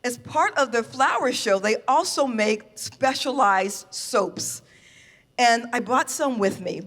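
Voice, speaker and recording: A woman from the United States telling a true story live on stage, animated, laughing and acting out her own reactions. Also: fairly high pitch, takes it slowly, big-room sound. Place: stage in a venue.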